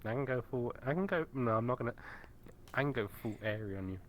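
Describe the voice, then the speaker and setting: A man's voice: mid-range voice, lively intonation, fast talker, slight background noise. A man, chatting in character during a roleplay and joking with a stammer.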